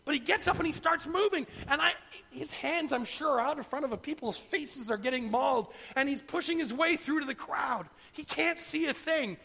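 A middle-aged man preaching a sermon, retelling a story in an animated way and acting out the voices. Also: very high voice, moderate pace, creaky, hardly any pauses, in a large hall. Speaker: pastor.

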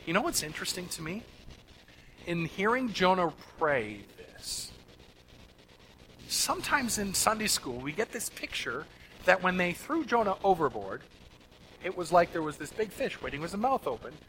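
Male pastor, high bright voice, earnest emphatic sermon delivery, faint noise behind. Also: very animated, normal speed, rough recording. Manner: earnest, emphatic preaching with swings between loud and soft.

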